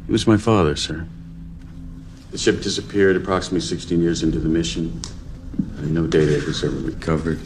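An actor playing a quiet, restrained male astronaut major in a film scene. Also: low-pitched, fairly even intonation, brisk, background noise. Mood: subdued. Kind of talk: film dialogue.

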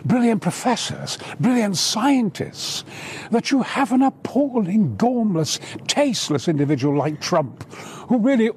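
An older British man with a booming, theatrical voice, blustering and swearing in interview clips. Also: very animated, unhurried, a little mellow, slight background noise.

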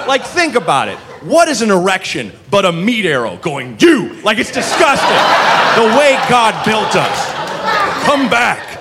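A self-deprecating stand-up comedian in his late thirties, a man with a high voice that swings all over the place. He rambles through his set. The live club recording carries a lot of noise. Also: huge pitch swings, normal speed, over a noisy crowd. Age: 30s. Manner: rambling, self-deprecating, full of "like" and "you know". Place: comedy club stage before a laughing audience.

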